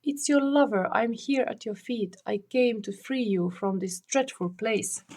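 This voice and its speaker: A woman reading aloud, voicing a young man who urgently and quietly tries to rescue his lover. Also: fairly high pitch, a little slow. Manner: urgent, hushed.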